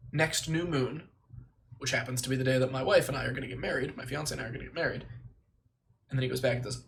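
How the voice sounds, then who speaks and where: A man streaming live, thinking aloud and reciting memorized lines in quick bursts, stopping to correct himself. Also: medium pitch, a bit bright. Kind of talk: casual livestream chat, reciting lines from memory.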